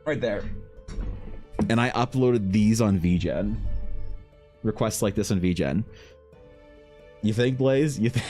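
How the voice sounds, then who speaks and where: A man from Canada with a fairly low voice talks loosely through an art livestream. He rambles, swears freely and reads viewer comments aloud as he works, with soft music playing quietly behind him. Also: slow, long pauses. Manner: rambling, profane, reads chat aloud while drawing. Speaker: artist streamer. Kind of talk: casual livestream chat.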